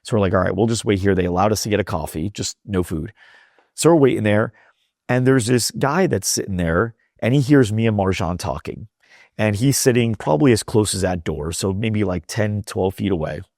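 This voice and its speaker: A man who is a podcast guest, telling a rambling, animated story in casual chat at the host's home. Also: fairly low pitch, normal speed, dry recording, studio quality.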